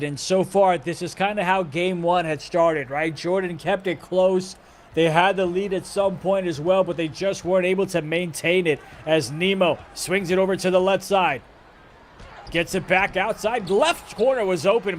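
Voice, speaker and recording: High, energetic play-by-play caster man. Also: a little hiss or hum. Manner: energetic, jokey, rising to shouts on big plays. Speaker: esports basketball play-by-play caster. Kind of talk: live esports play-by-play.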